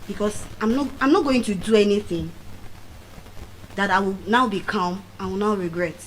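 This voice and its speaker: A middle-aged woman with a Nigerian accent, giving a motivational speech as animated storytelling and repeating key phrases for emphasis. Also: mid-range voice, normal speed, a little hiss or hum, low-quality recording. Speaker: motivational speaker. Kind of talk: public speech.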